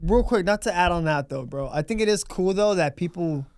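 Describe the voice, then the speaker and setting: A man's voice: high voice, expressive, brisk, darkish tone. A man co-hosting a casual podcast, giving slangy, opinionated takes and saying "bro" a lot. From Los Angeles. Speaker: podcast co-host. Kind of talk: casual chat.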